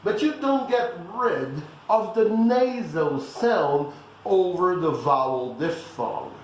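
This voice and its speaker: A man's voice: high voice, lively intonation, takes it slowly, very echoey, slight background noise, low-quality recording. A man giving a blunt, teasing pronunciation lesson that keeps checking in with the listeners. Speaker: language teacher.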